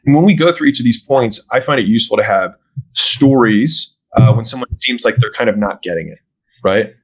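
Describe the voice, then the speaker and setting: Fast-talking man explaining sales on a podcast. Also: mid-range voice, lively intonation, low-quality recording. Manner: acts out sales dialogue, often tags "right?". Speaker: podcast guest, gym business owner. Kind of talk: casual podcast conversation.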